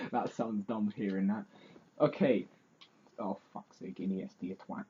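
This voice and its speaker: A man's voice: on the low side, lively intonation, unhurried, a little mellow, breathy edge, muffled recording. Rambling teen boy vlogging. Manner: rambling, self-mocking, fillers like basically. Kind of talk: casual storytelling vlog.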